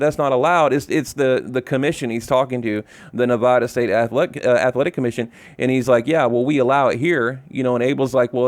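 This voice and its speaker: A man's voice: a little high, dry recording. A man giving heated, exasperated commentary on boxing, repeating himself and swearing as he rants. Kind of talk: ranting commentary.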